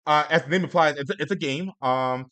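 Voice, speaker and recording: A man's voice: on the high side, a little fast, bright, forceful tone. A man hosting a casual talk stream, speaking hesitantly with frequent restarts. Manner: hesitant, many fillers and restarts. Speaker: host. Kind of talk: casual chat.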